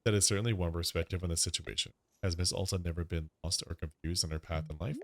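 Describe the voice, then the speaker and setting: A man voicing a gentle, polite male tea shop keeper who speaks formally with slightly odd grammar. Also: deep voice, fairly even intonation, fast, creaky, slight background noise.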